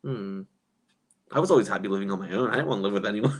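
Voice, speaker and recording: A man chatting casually on a live stream, gossipy and quick to laugh, reading viewers' comments aloud and reacting. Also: lowish voice, animated, fairly bright tone.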